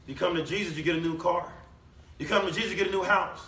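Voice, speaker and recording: A man preaching a sermon with a bright, forceful, fairly high voice. He is emphatic, building to loud declamation and sinking low for the scripture passages. He is heard from off the mic in an echoey church hall. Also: quick pace, far from the mic.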